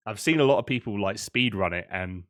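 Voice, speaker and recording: A young British man co-hosting a casual podcast, rambling with excitement and often laughing. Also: lowish voice, fairly quick. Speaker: podcast co-host. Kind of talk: casual chat.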